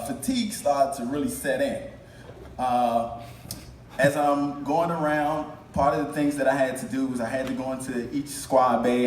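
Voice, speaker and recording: A man telling a funny personal story on stage at a live event, halting and repeating words, self-mocking, recorded in an echoey hall from a distance. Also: medium pitch, darkish tone. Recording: echoey hall, mic at a distance, faint noise.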